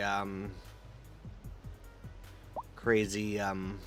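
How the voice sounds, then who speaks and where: Laid-back streamer guy, talks slow and rambly, lots of ums. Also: lowish voice, faint music behind. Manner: relaxed, rambling, many fillers. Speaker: livestreamer. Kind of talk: casual chat with viewers.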